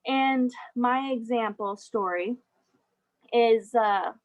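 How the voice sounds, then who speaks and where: A woman's voice: fairly high pitch, slow pace, poor audio. Chatty young woman giving a talk. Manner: chatty, laughs often, many fillers. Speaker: guest speaker. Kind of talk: casual presentation over a video call.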